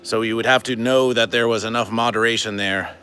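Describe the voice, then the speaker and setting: Man, livestream host, deadpan, oddly formal, crisp bright tone, mid pitch. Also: brisk, a little hiss or hum. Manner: deadpan, stilted formal phrasing, refers to himself in third person. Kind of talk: comedic livestream monologue to chat.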